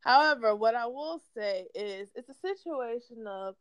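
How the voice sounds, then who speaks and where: A woman's voice: on the high side, animated, measured pace, clear, resonant tone, dry recording. A woman co-hosting a podcast, chatting casually and animatedly about celebrity gossip, swearing freely and laughing often. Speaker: podcast co-host.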